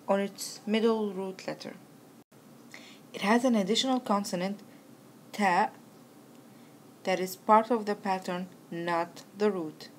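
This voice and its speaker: Woman, language teacher, recorded lesson, patient step-by-step explanation, slow recited conjugations, mid-range pitch. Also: slight background noise. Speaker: Arabic teacher.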